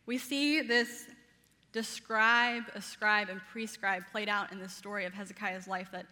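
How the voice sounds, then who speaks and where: A woman in her thirties with a Southern American accent, preaching a sermon energetically and playfully, laughing often and speaking fast. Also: mid-range voice, fairly even intonation, bright, forceful tone, long reverb tail. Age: 30s.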